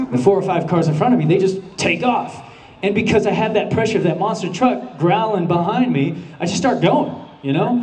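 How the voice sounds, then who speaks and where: Recorded from afar by an audience camera, a man with a high-pitched, darkish voice tells a funny story at a convention panel. He acts out his own panic through quoted snippets.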